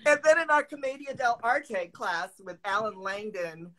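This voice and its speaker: A man's voice: high voice, animated, moderate pace, a bit bright. A man hosting a casual video call chat, playful and theatrical, teasing his guest. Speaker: host.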